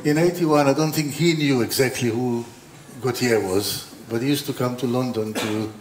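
A man's voice: medium pitch, moderate pace, background noise. A man speaks at an exhibition opening, telling stories about his work in a loose, rambling way with lots of restarts and dry humor. His voice sits in the middle range and echoes around a roomy hall. A faint murmur of ambience hangs behind him. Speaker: designer giving an opening talk. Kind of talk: informal lecture with anecdotes.

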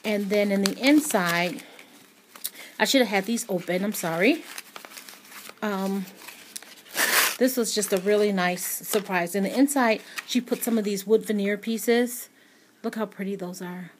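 A woman's voice: medium pitch, measured pace, long pauses, a little hiss or hum. Gushing woman showing a craft gift. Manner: gushing, many ums and repeated words. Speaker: craft channel host. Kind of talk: casual unboxing chat.

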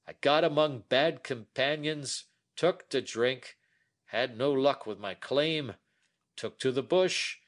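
A man's voice: medium pitch, takes it slowly, pitched above the performer's own voice, lightly acted. A man voicing a weary, desperate old man. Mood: confessing.

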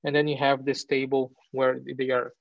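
A male university lecturer explaining technical material, pausing with fillers, correcting himself and checking in with "right?". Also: mid-range voice, level tone, dry recording. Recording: dull, lo-fi lecture recording.

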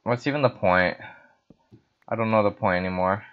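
A man's voice: fairly low pitch, normal speed. A tipsy young man rambling and swearing as he hosts a casual Minecraft building session, mocking himself as he plays. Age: young adult. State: tipsy from wine. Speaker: host. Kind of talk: casual Minecraft let's-play chatter. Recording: dull lo-fi recording.

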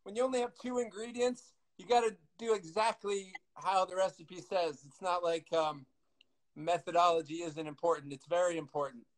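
A man's voice: sits high, steady tone, moderate pace, poor audio. A man cooking on a live video call, chatting casually and joking about himself. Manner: joking, self-mocking, loud when leaning in. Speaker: guest cook.

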